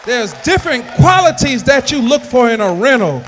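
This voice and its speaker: A man with a strikingly high voice preaches a sermon. His delivery is emphatic, and it builds into shouted lines. A long church reverb trails each phrase. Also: sing-song, moderate pace, faint music behind, a faint crowd. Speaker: pastor. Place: church sanctuary.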